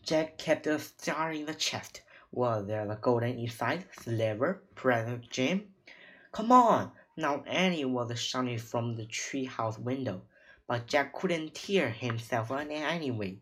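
A reader slowly reading a children's chapter book aloud, stumbling over words now and then. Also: mid-range voice, low-quality recording. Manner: slow, halting reading with slips.

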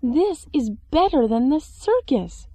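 A woman voicing a jolly walrus king who booms exclamations and laughs heartily. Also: lively intonation, slow pace, warm tone, slight background noise. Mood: delighted.

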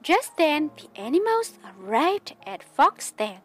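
A woman reading a children's picture book aloud as a mother with her child, in slow, expressive storytelling. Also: sits high. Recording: faint music behind.

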